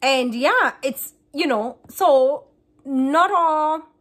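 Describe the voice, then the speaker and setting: A woman, a Kikuyu speaker, chatting fast to camera in a casual vlog, often repeating and restarting words. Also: sits high, fairly bright tone. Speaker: vlogger.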